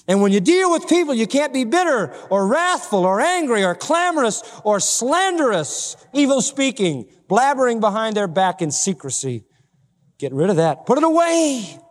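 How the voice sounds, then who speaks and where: A man preaching an expository sermon, emphatic, swinging between loud high bursts and low quiet asides. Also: in a large hall.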